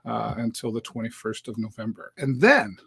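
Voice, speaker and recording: A man's voice: medium pitch, animated, moderate pace, vocal fry, fairly bright tone, slightly rough, no room sound. A middle-aged man from Canada hosting a live show, talking casually and upbeat with many fillers. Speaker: host.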